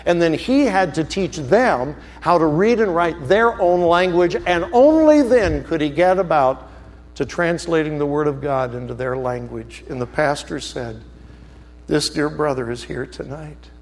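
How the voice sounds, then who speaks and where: A man preaching a sermon as a story, animated, swinging from loud outbursts to hushed, slow emphasis. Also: fairly high pitch, long reverb tail, a little hiss or hum.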